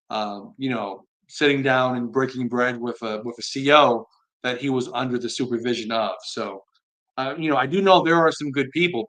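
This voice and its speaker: A man hosting a live stream, reading viewer comments aloud and answering them in an earnest, unhurried way. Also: mid-range voice. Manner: earnest, soft-spoken, admits being slow tonight.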